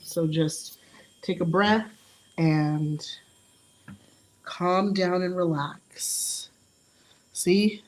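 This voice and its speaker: A young woman talks viewers through a live nail tutorial in a relaxed, chatty way. Her voice sits on the low side, and she laughs easily at her own small mistakes. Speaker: nail artist giving a live demo.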